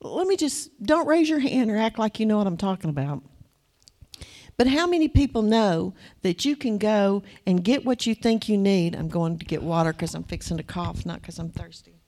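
A woman preaching a sermon in a conversational, animated way, acting out little asides to the congregation. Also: medium pitch, moderate pace.

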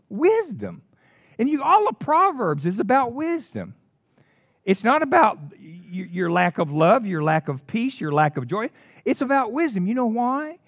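An older man preaching a sermon in an animated storytelling way, with casual slang. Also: high-pitched, no echo. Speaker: pastor. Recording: dull lo-fi dry recording.

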